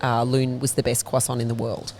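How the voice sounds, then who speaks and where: A woman's voice: a bass voice, level tone, brisk, vocal fry, darkish tone, a little hiss or hum. A woman, a bakery founder, telling fluent, detailed stories as a guest in a casual interview inside her bakery. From Australia.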